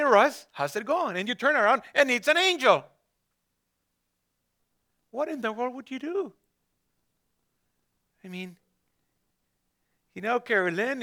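A man's voice: extremely high pitch, bright, forceful tone. A man preaching a conversational sermon, asking his listeners rhetorical questions and addressing some of them by name.

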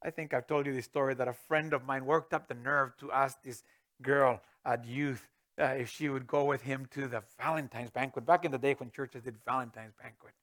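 A middle-aged man preaching a sermon as pastor, swinging from booming to hushed with chuckling asides. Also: fairly even intonation, fairly quick.

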